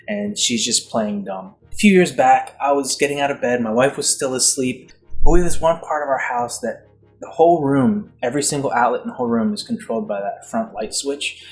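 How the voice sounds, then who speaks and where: A man's voice: mid-range voice, expressive, a little fast. A man vlogging, telling a casual comic story in a rambling, self-mocking, exasperated way.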